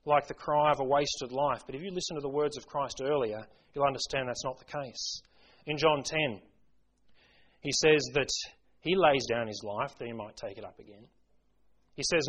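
A man's voice: mid-range voice, normal speed, fairly bright tone, husky, poor audio. A man preaching a sermon, earnest and building to impassioned emphasis as he quotes scripture.

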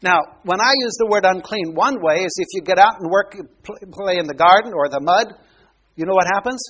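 A pastor preaches a Bible sermon, explaining verses and putting questions to his congregation. His voice sits high and sounds brisk, a bit bright, and husky.

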